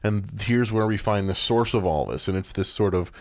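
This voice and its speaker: A man's voice: fairly low pitch, normal speed, dry recording, clean studio sound. A man co-hosting a podcast, recapping a TV episode in casual chat, rambling with many fillers and restarts. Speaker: podcast co-host.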